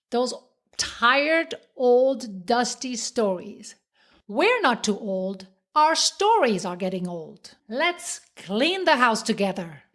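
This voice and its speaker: A woman from French-speaking Switzerland with a Swiss French accent, hosting a motivational podcast in a playful, encouraging way and slowing down to stress key words. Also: on the high side. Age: middle-aged. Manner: playful and encouraging, with dramatic slowed emphasis. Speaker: podcast host.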